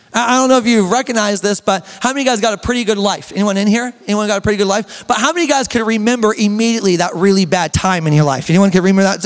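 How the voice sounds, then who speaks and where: A young man preaching a sermon as a pastor, with an emphatic, drawn-out delivery, sudden shouts and joking asides. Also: extremely high pitch. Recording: echoey church hall reverb.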